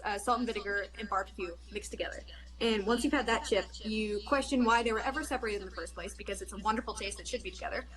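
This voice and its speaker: A woman's voice: a little high, fairly bright tone. A woman guest on a podcast, chatting in a rambling, casual way. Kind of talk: casual chat. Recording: echoey room.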